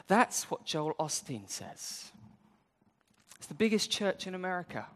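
A man's voice: high-pitched, sing-song, measured pace, in a large hall. A man preaching a sermon in a church, talking straight to the congregation and acting out people's inner voices with humor. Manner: speaks directly to the congregation. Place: church sanctuary.

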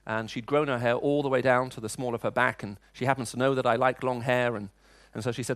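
A man's voice: medium pitch, fairly even intonation, quick pace, no room sound. A middle-aged man preaching a sermon, telling personal stories in a conversational way. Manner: storytelling, conversational, frequent restarts.

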